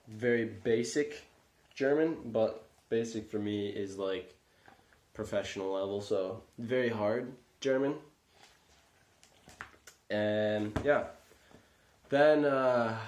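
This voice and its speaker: A man's voice: lowish voice, darkish tone, slight background noise. A young man vlogging casually, rambling with lots of fillers and self-deprecating asides. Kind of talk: casual vlog talk. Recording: echoey room.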